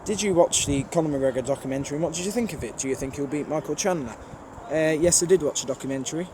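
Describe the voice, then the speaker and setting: Fairly high-pitched and quick, a man with a strong Birmingham accent runs a trainspotting channel and answers viewer questions in a casual vlog at a railway station. He's blunt and rambling with plenty of fillers, and the outdoor recording picks up background noise.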